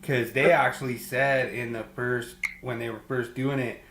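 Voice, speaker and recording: Laid-back co-host and quizmaster, casual delivery, echoey room sound. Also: male voice, medium pitch, fairly even intonation, a bit bright, a little hiss or hum. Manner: easygoing, fills pauses with "you know" and "uh". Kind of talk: casual sports chat. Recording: roomy echo.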